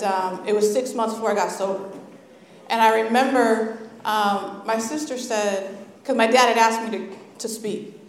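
Nervous American woman in an echoey hall. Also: fairly high pitch. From Napa, California. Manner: nervous, candid and heartfelt. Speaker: invited speaker at a recovery meeting. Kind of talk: personal testimony to an audience. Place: meeting hall, indoors. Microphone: microphone on a stand.

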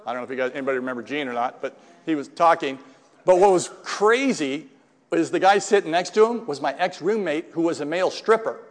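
A middle-aged man with a slightly high, animated voice talks fast as he tells a live group a rambling, self-deprecating recovery story. He restarts often and quotes dialogue, all under long hall reverb.

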